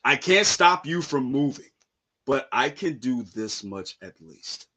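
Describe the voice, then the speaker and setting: A man's voice: mid-range voice, lively intonation, takes it slowly, pushed and bright, breathy edge, pitched below the performer's own voice, heavily acted. A man reading as a devoted mother. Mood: tender. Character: devoted mother shielding her child.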